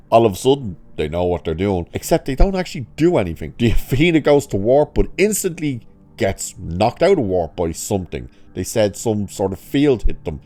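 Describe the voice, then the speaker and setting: A man giving a sarcastic, exasperated review of a TV episode, swearing freely and swinging his pitch up sharply when he mocks it. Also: dark tone. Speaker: show reviewer.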